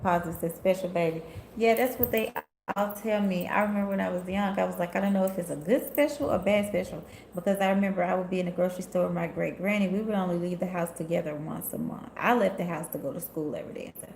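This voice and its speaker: A sassy woman, speaking in a low, gravelly voice as she chats with viewers on a tarot live stream. She reads comments aloud and tells stories in a loose, talkative way. The sound carries the echo of a room, with a faint hiss behind her. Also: quick pace, darkish tone. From Memphis, USA. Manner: sassy, chatty storyteller who laughs often and talks straight to her viewers. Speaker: tarot reader and spiritual healer hosting a live stream. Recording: echoey room.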